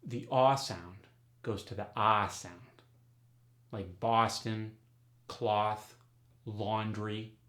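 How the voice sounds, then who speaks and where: A man hosting an accent tutorial as a dialect coach, speaking clearly and deliberately as he announces each topic. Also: on the low side, fairly even intonation, a bit bright, roomy sound.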